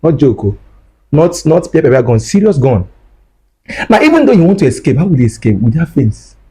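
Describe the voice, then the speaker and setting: A man tells his story in a husky, mellow voice. He circles back and repeats his phrases, and he acts out what people said. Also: a little high, very animated, brisk, rough recording. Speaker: guest recounting his ordeal. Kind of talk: emotional first-person storytelling.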